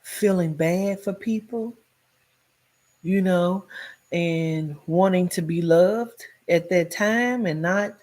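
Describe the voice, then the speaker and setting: A woman telling her own life story in a blunt, profane way, with many "like" fillers, swinging between loud emphasis and hushed tones. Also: lowish voice, slow. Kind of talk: candid personal storytelling.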